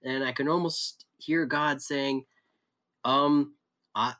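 A man's voice: mid-range voice, fairly even intonation, slow, pushed and bright. Reflective man in a Bible study chat. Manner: reflective, thinks aloud with restarts. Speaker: pastor.

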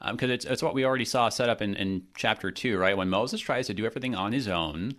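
A man co-hosting a Bible discussion, talking casually and acting out the people in the text with lively quoted voices. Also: on the low side, quick pace. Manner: animated, acts out quotes, many restarts. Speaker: Bible study podcast co-host. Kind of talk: conversational Bible teaching.

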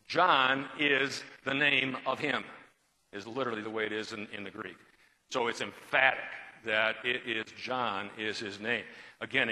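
A man leads a Bible study in a conversational, explanatory manner, taking a question from the class and reading scripture aloud. His voice is medium-pitched with a sharp tone, and the recording has a long hall reverb.

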